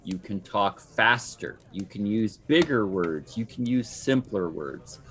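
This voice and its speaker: A man talking fast and eagerly in a casual discussion about playing a tabletop game. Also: on the low side, animated, a bit bright. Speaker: player.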